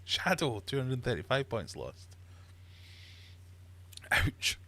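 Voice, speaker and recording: Brief: male livestream quizmaster, lowish voice, playful and teasing, fish room. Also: animated, a little slow. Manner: playful, teasing, mock-uppity. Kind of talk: live-streamed quiz chat.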